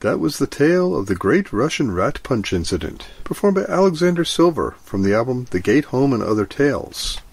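A man's voice: mid-range voice, very animated, brisk, gravelly, hardly any pauses, breathy edge, no echo. A man hosting a podcast, introducing recorded stories in a plain, informative way. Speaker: podcast host. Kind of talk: introducing tracks.

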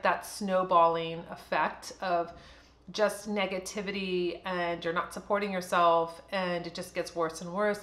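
A woman's voice: medium pitch, a bit bright, echoey room. A woman in her fifties talking candidly and casually to camera as a beauty vlogger, chatty and full of fillers.

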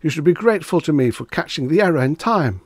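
A man voicing a panicky, haughty young dandy with a shrill, indignant manner. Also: lively intonation, normal speed, dry recording, clean studio sound.

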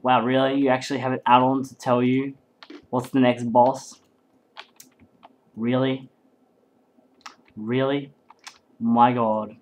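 A man commentates a game in an excitable, rambling stream, swearing freely as he goes. His voice sits at an ordinary middle pitch. Faint keyboard clicks tap away behind him. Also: takes it slowly, pauses often, slight background noise, low-quality recording. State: hyped up and sleep-deprived. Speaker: game caster.

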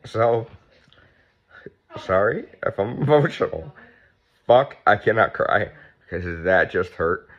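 Man, 50s, casual home vlog, fairly low voice, sore after surgery, frank and profane, slightly muffled lo-fi audio. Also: animated, slow, long pauses. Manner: blunt, chatty, swears freely. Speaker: vlogger. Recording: dull lo-fi sound.

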